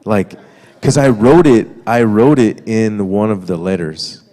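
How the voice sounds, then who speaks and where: In a church sanctuary, a guest speaker shares a testimony with his wife, talking to the congregation in an easygoing, conversational way with fillers and asides. His voice is on the low side, animated, a little slow and warm. The recording carries the sanctuary's reverb.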